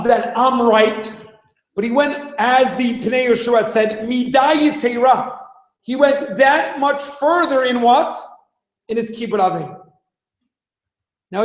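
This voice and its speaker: With an extremely high pitch, this thirtysomething man teaches a spirited class, peppering students with rhetorical questions, dramatizing scenes and raising his voice to make points. The recording is low in quality and echoey.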